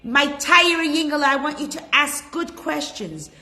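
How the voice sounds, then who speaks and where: A woman's voice: sits high, expressive, moderate pace, pushed and bright, pitched above the performer's own voice, heavily acted. A woman voicing a doting Jewish mother who gushes endearments at her little son in a sing-song way.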